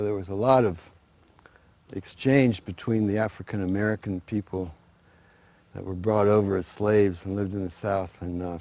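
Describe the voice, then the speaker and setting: A man tells folktales aloud in an easy, conversational manner, with little stumbles and restarts along the way. His voice sits low and the sound is close and dry, with no room around it. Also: dry recording. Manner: relaxed, conversational, with small restarts. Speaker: storyteller guest. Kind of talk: oral folk storytelling.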